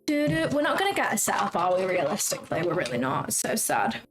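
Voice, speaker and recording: Speaking fast in a medium-pitched voice that swoops wildly up and down, this young woman runs a trading livestream and reads out viewer comments. Faint music plays behind her effusive, chatty talk, which is peppered with "like" and "um."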